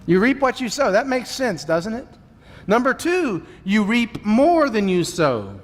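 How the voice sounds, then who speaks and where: A high-pitched man delivers a sermon in a church sanctuary. He speaks in a measured way, repeating his points and putting questions to the listeners, and his voice rings with a long reverb from the hall. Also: very animated. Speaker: preacher.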